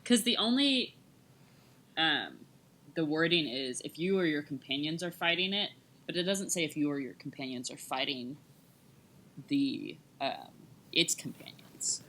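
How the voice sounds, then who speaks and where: A woman playing a tabletop game, chatty and hesitant, thinking her moves through out loud. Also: low voice, lively intonation, unhurried. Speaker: player. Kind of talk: casual tabletop play.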